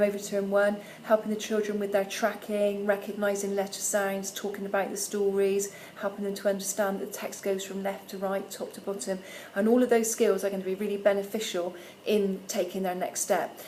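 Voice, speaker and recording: A woman, a primary school teacher giving parents a friendly instructional video, patiently sounding out letters slowly and clearly. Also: medium pitch, level tone, warm tone, slight background noise, low-quality recording.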